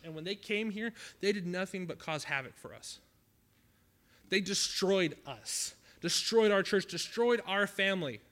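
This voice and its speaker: Bright-voiced preacher, talky and dramatic. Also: male voice, high voice. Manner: conversational, dramatic swings from loud to hushed. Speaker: youth camp preacher. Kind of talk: sermon.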